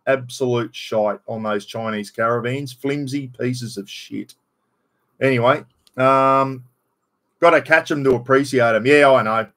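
A man's voice: medium pitch, a little slow, fairly bright tone. Matey Australian man rambling on a live stream. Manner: rambling and matey, greets chat by name; blunt, casual swearing. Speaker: livestream host. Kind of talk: casual live-stream chat.

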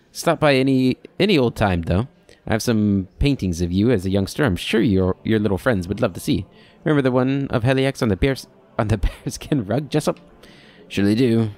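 A man's voice: lowish voice, a little mellow. A man voicing a rambling, nostalgic old male keeper who chatters in a folksy, reminiscing way.

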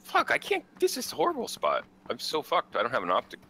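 A man in casual gaming chat with friends, excitable and giggly, swearing often. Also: fairly high pitch, quick pace, vocal fry. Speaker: gamer.

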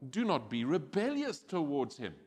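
Animated preaching man in a reverberant church hall. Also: fairly high pitch, normal speed, slightly rough. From South Africa. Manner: animated preaching, acting out quoted voices. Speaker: pastor. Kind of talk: sermon.

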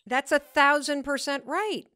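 A woman's voice: high voice, bright, forceful tone, no echo. A woman hosting a podcast, asking questions in an enthusiastic, casual way. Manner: enthusiastic, quick reactions. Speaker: podcast host. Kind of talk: casual interview chat.

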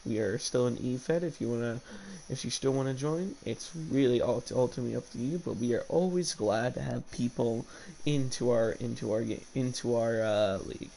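A young man hosts a livestream and calls the action play by play at an ordinary pitch. A recent cold leaves him slightly hoarse. He talks eagerly and keeps restarting his sentences. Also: a little fast, dark tone, slight background noise, poor audio. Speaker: host of an online wrestling league stream.

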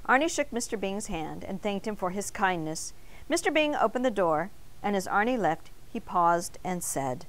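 Expressive woman reading a picture book aloud. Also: mid-range voice, normal speed. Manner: expressive storytelling. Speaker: teacher.

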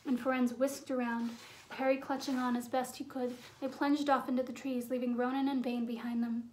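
A woman narrating a fantasy novel as an audiobook, in a measured, suspenseful storytelling manner. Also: high-pitched, little pitch movement, darkish tone, a little hiss or hum. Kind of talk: storybook reading.

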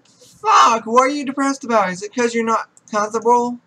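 A man's voice: very high voice, steady tone, fast talker, a bit bright. A young man giving profane gaming commentary, scolding and bossing around the characters he controls, audibly exasperated. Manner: exasperated, scolds the game characters, swears a lot. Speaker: gaming YouTuber. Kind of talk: profane Let's Play commentary.

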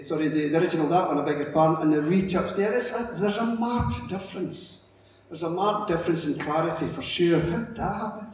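A middle-aged man giving a lively, storytelling conference talk and acting out the characters. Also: fairly high pitch. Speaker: conference speaker. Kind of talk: illustrated public lecture. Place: conference hall. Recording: echoey hall, distant mic, faint noise.

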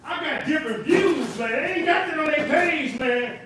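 Preachy high-voiced man, echoey kitchen. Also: normal speed, a loud crowd. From California. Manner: preachy, repetitive, emphatic. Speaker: livestreamer. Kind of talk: casual livestream rant. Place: home kitchen, indoors. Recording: very echoey room, voice far off.

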